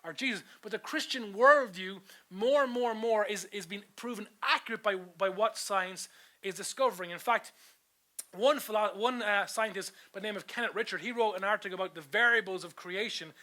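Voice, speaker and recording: A man's voice: sits high, brisk, sharp tone. A man from Ireland preaching a sermon as pastor, earnest and full of rhetorical questions, often restarting and repeating words. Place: church auditorium.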